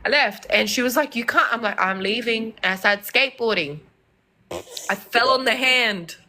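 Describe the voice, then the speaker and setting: A young woman from Lebanon telling animated stories in casual chat, acting out the people she quotes. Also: a little high, moderate pace. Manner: animated, acts out voices in quoted dialogue. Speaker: podcast guest. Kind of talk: casual storytelling.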